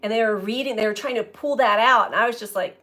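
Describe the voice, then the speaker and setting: A woman tarot reader reflecting aloud in a slow, musing way, often breaking into light laughter. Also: a little high, pushed and bright. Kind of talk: spiritual reflection to camera.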